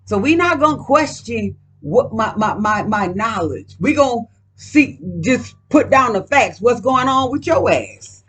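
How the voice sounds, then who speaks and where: A woman's voice: fairly high pitch, expressive, unhurried, fairly bright tone, breathy edge. A woman doing a casual card reading at home, talking in a profane, emphatic, rambling way. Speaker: card reader.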